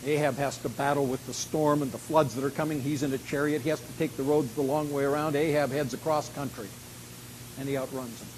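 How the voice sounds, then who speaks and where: A man preaching a sermon, reading scripture dramatically, slowing down and rising in volume on key lines, then dropping to a quiet, intimate tone. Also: medium pitch, steady tone, noisy background. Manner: dramatic, slows and rises to a shout on key lines. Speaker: pastor.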